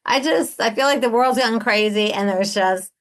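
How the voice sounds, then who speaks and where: Woman in her 60s, podcast host, fairly high voice, lively and emphatic, acts out other people's lines. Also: normal speed. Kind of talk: casual interview chat.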